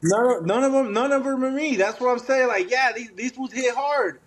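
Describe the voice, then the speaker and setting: A man with a very high voice fires back profane, heated comebacks at his opponent. His delivery is quick, clipped and hostile. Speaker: fighter.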